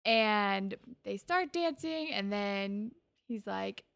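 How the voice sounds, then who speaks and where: Brief: woman co-host, mid-pitched voice, relaxed and chatty, filler-heavy recap talk. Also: slow, gravelly, clean tone. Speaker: podcast co-host. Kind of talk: casual chat recapping a TV episode.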